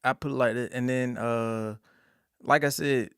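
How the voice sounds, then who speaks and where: A young man from North Carolina with a country accent, telling stories in a relaxed, drawling way as a podcast guest. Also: medium pitch, measured pace, smooth, dry recording, studio quality. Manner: drawling, easygoing storyteller with country slang. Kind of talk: casual interview chat.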